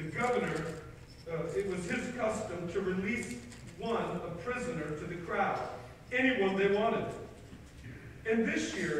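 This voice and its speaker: An American man preaching an Easter sermon, retelling the scripture dramatically and giving quoted lines loud outbursts. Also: sits high, a little hiss or hum. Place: church sanctuary. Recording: echoey hall, far from the mic.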